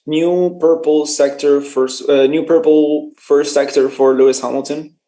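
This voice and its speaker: A man's voice: a little high, flat delivery, unhurried, mellow. A man casually commenting on a live race for his stream, chatty and joking, laughing often and stumbling over his words.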